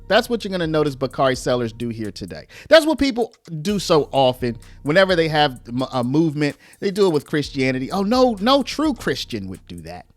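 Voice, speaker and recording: This casual commentary host is a man with a somewhat high voice and no echo on the recording. Addressing viewers conversationally and energetically, he uses "y'all" and voices quoted speech loudly.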